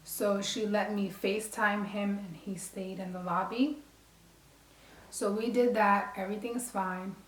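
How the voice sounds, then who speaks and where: Woman vlogger from the Bronx, lively storytelling to camera, echoey room. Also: medium pitch, unhurried. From Bronx, New York. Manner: animated, acts out quoted dialogue. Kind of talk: casual storytelling. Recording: roomy echo.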